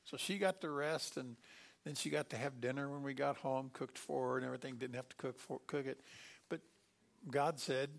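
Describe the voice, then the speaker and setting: A middle-aged man preaching a sermon, lively and animated, acting out quoted voices with sudden loud bursts. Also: mid-range voice, a little fast, vocal fry. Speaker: pastor.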